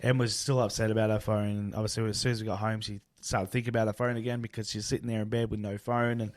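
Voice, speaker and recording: A young man with an Australian accent co-hosts a podcast in relaxed, chatty talk. His voice sits a bit low. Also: fast. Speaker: podcast co-host. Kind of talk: casual chat.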